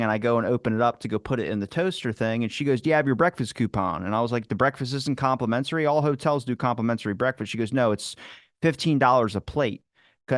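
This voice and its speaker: A man telling a long story in casual chat, animated, swearing and acting out what people said. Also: medium pitch, no echo, studio quality. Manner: animated, swearing, acts out quotes. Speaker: podcast guest.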